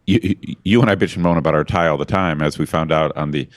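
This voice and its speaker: A man's voice: a bass voice, fast talker. A man co-hosting a podcast in casual chat, rambling and self-deprecating with lots of restarts. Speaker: podcast co-host.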